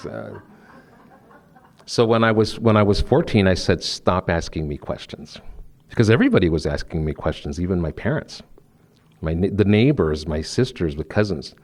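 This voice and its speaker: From a podium in a lecture room, a spiritual speaker from New Jersey, USA, gives a live talk, telling personal stories conversationally and often restarting. His voice sits low and is a little mellow, animated and at a moderate pace.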